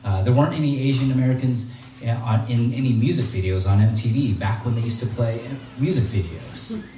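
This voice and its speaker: A man giving a storytelling talk to an audience, animated and acting out the voices of people he quotes. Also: medium pitch, a little fast, far from the mic, slight background noise. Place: large hall with audience. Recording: echoey hall, voice from off-mic.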